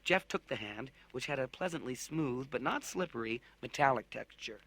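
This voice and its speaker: A man narrating a children's science fiction audiobook in an expressive storytelling manner. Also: mid-range voice, normal speed, breathy edge, no room sound. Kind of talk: audiobook narration with character voices.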